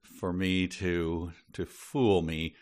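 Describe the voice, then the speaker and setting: Deep-voiced man musing out loud. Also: little pitch movement, very slow. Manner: musing, hesitant, jokey. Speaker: quiz contestant. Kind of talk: casual chat.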